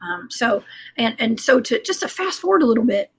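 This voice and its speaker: Husky slightly high-voiced woman, rambling thru a ghost story w lots of ums. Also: big pitch swings, brisk. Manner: rambling, many fillers and restarts. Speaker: guest, cryptid investigator. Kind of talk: casual interview storytelling.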